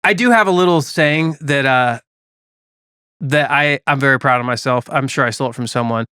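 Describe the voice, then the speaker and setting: A man's voice: medium pitch, moderate pace, bright, forceful tone, smooth, no echo, studio quality. A man co-hosting a casual podcast, a parent who jokes and tells playful stories. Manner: joking, playful storyteller. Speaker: podcast co-host. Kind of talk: casual chat.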